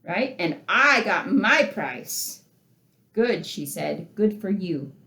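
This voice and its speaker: A literature teacher in an echoey room lectures on a story, reading passages aloud and asking her listeners questions. She is animated, with a medium-pitched voice and a slow pace.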